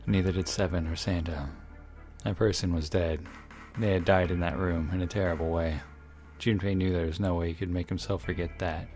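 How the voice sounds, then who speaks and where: A man reading a visual novel aloud in a measured, dramatic narration, with occasional slips. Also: low voice, steady tone, darkish tone, faint music behind. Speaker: game reader.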